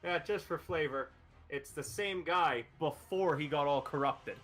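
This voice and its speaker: A man's voice: fairly high pitch, measured pace, fairly bright tone, soft background music. A man narrating as game master, explaining rules with lots of fillers.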